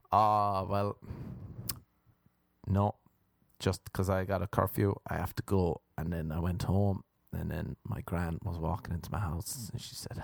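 A man telling a crude comic story as a podcast host, rambling and breaking into high shrieks. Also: creaky, darkish tone, no echo, clean studio sound.

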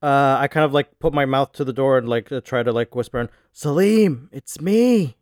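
Smooth-voiced man playing a tabletop game. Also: mid-range voice, fairly even intonation, quick pace, dry recording, studio quality. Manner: loose, filler-heavy. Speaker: player. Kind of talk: casual tabletop role-play.

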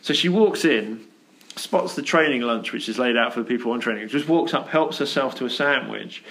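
A man's voice: medium pitch, a little fast, creaky, fairly bright tone. A man hosting a casual podcast chat in an office, telling a rambling story with plenty of fillers. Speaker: podcast host.

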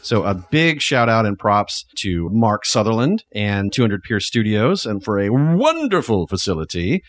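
Lively, jokey podcast host man. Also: lowish voice, a little slow. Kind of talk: casual podcast chat.

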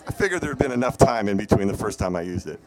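A man officiating an outdoor wedding, relaxed and joking, introducing speakers. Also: lowish voice, very fast. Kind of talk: ceremony hosting. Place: outdoor desert gathering. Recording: outdoor event with steady background noise.

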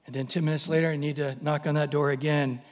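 A man's voice: fairly high pitch, little pitch movement, quick pace, big-room sound, background noise. A man preaching a sermon, telling a story animatedly and acting out voices.

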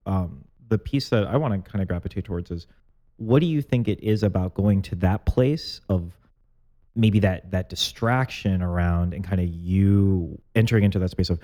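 A man co-hosting a casual chat show, reflective and gently probing in his questions, with a touch of humor. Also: deep voice, normal speed. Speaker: podcast co-host. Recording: faint guitar music underneath.

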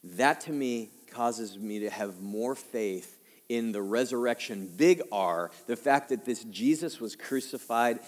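Speaking at a medium pitch, a fifties-aged male pastor tells personal stories in a chatty sermon. He slows down and lowers his voice for serious moments and builds up for emphasis, and a long hall reverb trails his words.

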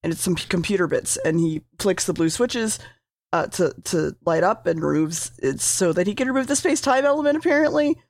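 A woman's voice: lowish voice, animated, a little fast, a little mellow, no echo, studio quality. A woman casually recapping a TV episode, rambling, swearing freely and correcting herself as she goes.

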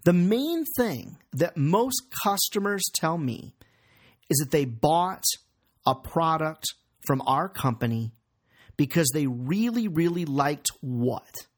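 A man in his forties, a sales coach giving an energetic, emphatic training talk full of rhetorical questions. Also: fairly high pitch, takes it slowly.

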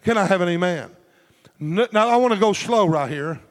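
Fervent high-voiced preacher, church reverb. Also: male voice, expressive, normal speed. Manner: fervent, rhythmic, call-and-response preaching. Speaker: pastor. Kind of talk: sermon.

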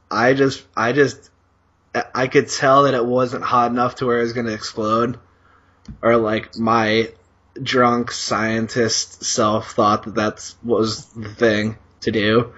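A man's voice: mid-range voice, little pitch movement, a little slow, pushed and bright, muffled recording. A man co-hosting a podcast, telling a long story in a rambling, profane way with lots of fillers. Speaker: podcast co-host. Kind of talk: casual storytelling.

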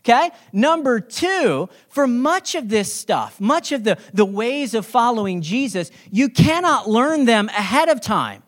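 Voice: mid-range voice, sing-song, unhurried, hardly any pauses. A pastor preaching a sermon in a conversational, joking way, with sudden emphatic stresses.

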